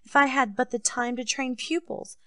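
A woman's voice: high-pitched, steady tone, normal speed, sharp tone, no room sound, voice pushed up. A woman reading an audiobook, voicing a grown king who complains and grows indignant, his voice raised above her narration. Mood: complaining. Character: petulant, self-pitying king, grown man.

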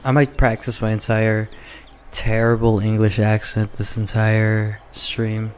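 A man's voice: on the low side, monotone, unhurried, few pauses, slight background noise. A young man streaming a game, thinking aloud in casual commentary and poking fun at himself. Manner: musing, thinking aloud, self-mocking.

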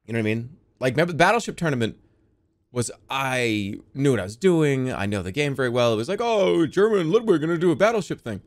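A man streaming games live, chatting casually in a rambling, excitable way and often laughing at himself. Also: medium pitch, fast.

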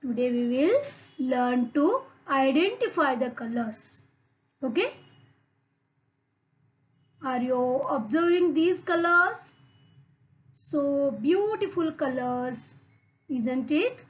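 Her high, expressive voice proceeds at a slow pace with long pauses, and the highs are cut off in the recording. She's a primary school English teacher with an Indian English accent, giving an online lesson to young children, repeating each word and constantly quizzing the class.

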